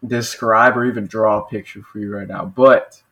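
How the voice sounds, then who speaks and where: A man's voice: on the low side, fairly even intonation, normal speed, bright, forceful tone. A young man being quizzed in casual podcast chat, laid-back and slangy, often restarting his sentences. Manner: laid-back slang, says dude and bro, many restarts. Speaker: podcast guest taking a quiz.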